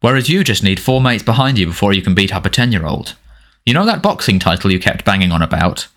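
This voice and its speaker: A man's voice: on the low side, very animated, fast talker, a bit bright. A man doing a mocking teenage boy. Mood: taunting. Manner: mocking, sardonic. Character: sarcastic teenage boy, defiant and needling.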